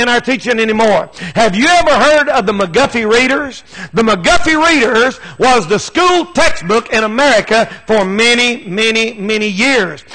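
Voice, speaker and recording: A male preacher with a very high, bright, forceful voice delivers a fervent, emphatic sermon, hammering points home through repetition. His plain, folksy speech often rises to shouts, and the audio is poor.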